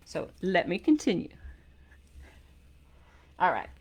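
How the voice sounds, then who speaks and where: A middle-aged woman, an author talking animatedly to camera about her diet, playful and given to loud emphatic bursts. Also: on the low side, big pitch swings, slow pace, breathy edge. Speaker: author and keto diet coach. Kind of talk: energetic talk to camera.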